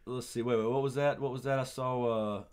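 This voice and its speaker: A man's voice: mid-range voice, steady tone, a little fast, darkish tone, clean tone. Southern guy hosting a livestream, rambly, lots of ums and laughs. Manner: rambling, laughs often, many fillers and restarts. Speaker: YouTube channel host. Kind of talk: casual livestream chat.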